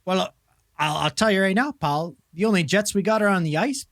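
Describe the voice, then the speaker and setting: A man's voice: high voice, lively intonation, a little fast, very noisy. A man voicing an easygoing, folksy Canadian man who drawls and tells people to relax. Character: laid-back folksy Canadian man named Frank.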